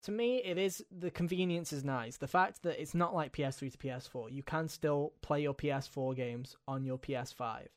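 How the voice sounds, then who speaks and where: A man with a slightly raised pitch hosts a casual gaming podcast. He talks in an animated, jokey way, tossing out quick asides to his co-hosts. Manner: animated, jokey, mimics silly voices. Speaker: podcast host. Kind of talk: casual chat.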